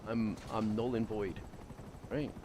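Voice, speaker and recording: A young man streaming and chatting casually, loud and opinionated, rambling with lots of fillers. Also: on the low side, fairly even intonation, takes it slowly, noisy background. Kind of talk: casual chat while gaming.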